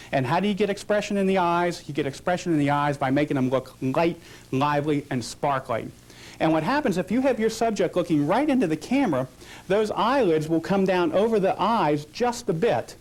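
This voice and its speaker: Man teaching posing, slightly high voice. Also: a little mellow. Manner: explains with rhetorical questions, coaching a posing model. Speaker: photography instructor. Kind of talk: instructional demonstration.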